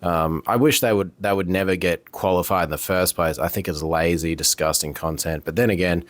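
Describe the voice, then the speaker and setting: A very low-voiced man rants straight into his camera, heated and profane, circling back to the same complaints with plenty of "um" and "like". The sound is dry and close, with no room around it. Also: fairly even intonation, a little fast, no echo. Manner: heated, profane, repetitive, frequent fillers. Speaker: vlogger. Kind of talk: casual rant to camera. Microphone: camera mic.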